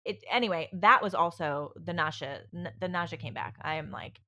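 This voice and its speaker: A woman's voice: fairly low pitch, moderate pace, pushed and bright. A woman on a podcast, telling her own story in casual chat, rambling and candid, with many fillers and restarts and some swearing. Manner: swears freely.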